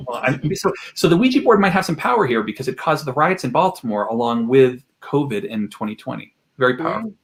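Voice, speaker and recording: Animated man telling stories as a guest. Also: medium pitch, fast, creaky, a crowd in the background. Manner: animated, jumps into quoted voices, laughs while talking. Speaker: guest expert. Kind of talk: podcast interview storytelling. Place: home room with collected objects.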